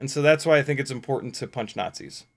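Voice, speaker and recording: A man hosting a casual livestream, ranting sarcastically and profanely with frequent laughs and big swings in loudness. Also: mid-range voice, fast talker. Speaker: YouTube host.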